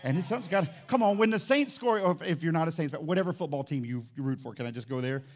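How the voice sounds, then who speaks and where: Animated male pastor preaching. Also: fast talker. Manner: animated, shouts and drops low, playful asides. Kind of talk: sermon. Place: church sanctuary.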